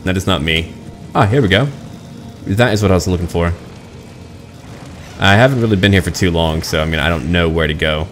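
A man's voice: low voice, brisk, pauses often, faint music behind. A man casually commenting on his online role-playing game, chatty and self-mocking about getting lost. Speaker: gaming channel host.

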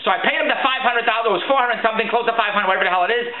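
Exasperated high-voiced man ranting fast. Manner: exasperated storytelling. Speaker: vlogger, performer and producer. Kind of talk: ranting monologue. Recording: echoey, phone-like, crowd noise.

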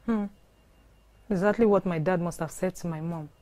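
A woman playing a pregnant young woman who is sharp and dismissive. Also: lowish voice, normal speed, lightly acted. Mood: angry. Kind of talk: film acting.

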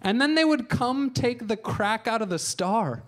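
A man in his thirties doing stand-up storytelling on a comedy show stage, deadpan and crude, slipping into voices for the people he quotes. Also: very high-pitched, unhurried.

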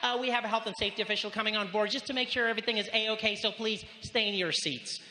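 A man's voice: sits high, steady tone, fast talker, pushed and bright, voice pushed up. A man voicing a breezy female flight attendant making cabin announcements in an offhand announcer cadence, on a live stage. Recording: live show in an echoey hall with long reverb.

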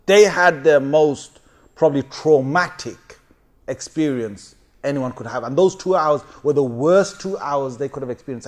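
A man preaching a sermon as a lively story. He often laughs, swings his voice up and down, and keeps checking with his listeners. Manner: animated, laughing often, big swings in pitch and loudness; chatty, asks the audience for agreement.

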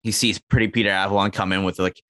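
A man's voice: low-pitched, flat delivery, fast talker, sharp tone, no room sound. A man co-hosting a casual comedy podcast, rambling through silly scenarios with lots of fillers and acting out quoted lines. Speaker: podcast co-host.

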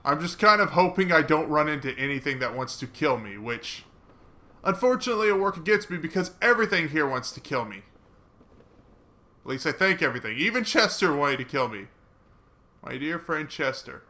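A man giving casual, chatty commentary while playing a video game, mocking himself and breaking into excited swearing. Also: on the high side, fairly quick. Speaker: gaming let's player.

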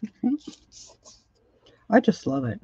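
Slow-talking woman chatting through a craft demo. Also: sits low, very animated, warm tone, lo-fi sound, a little hiss or hum. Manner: rambling, thinks aloud while working, trails off. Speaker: craft livestream host. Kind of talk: casual crafting tutorial.

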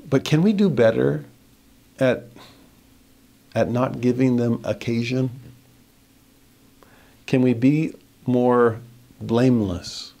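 A middle-aged man at an everyday mid-range pitch leads a scripture lesson. He reads the verses slowly and deliberately, then comments on them with lively rises in pitch for emphasis. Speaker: scripture teacher.

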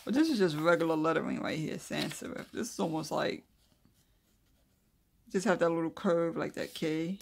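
Gravelly-voiced host of a casual lettering tutorial. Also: medium pitch, normal speed, slight background noise. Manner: reads notes aloud, then chats loosely while demonstrating; thinks aloud with mumbled asides while drawing. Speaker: craft video host.

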